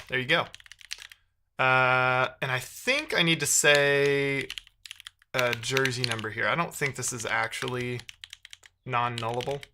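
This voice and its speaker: A man talks casually to his live-stream chat while he codes, thinking out loud and muttering as he works. His voice is bright and forward, and keys clatter under his words. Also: medium pitch, creaky, a little hiss or hum. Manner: chatty, thinks aloud, muttering while typing. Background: keyboard typing.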